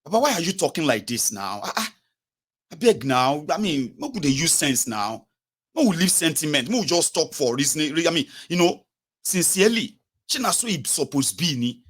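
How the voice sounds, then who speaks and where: A man's voice: fairly high pitch, very animated, moderate pace, a bit bright, breathy edge. A Nigerian man with an accent mixing Yoruba and pidgin words, giving mocking political commentary full of exclamations and rhetorical questions.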